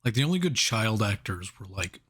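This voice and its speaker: A man's voice: on the low side, big pitch swings, brisk, a bit bright, breathy edge. A man chatting loosely on a movie review podcast. He laughs a lot and circles back on his sentences as he works his point out. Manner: laughs often, rambling with restarts. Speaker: podcast co-host. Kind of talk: casual movie review chat.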